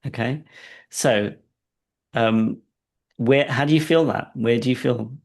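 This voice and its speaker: A man coaching a client through a guided session, speaking calmly and checking in often with "right?". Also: medium pitch, takes it slowly, vocal fry. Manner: calm and soft-spoken in guidance, animated when telling stories; frequent "right?" check-ins, laughs between points.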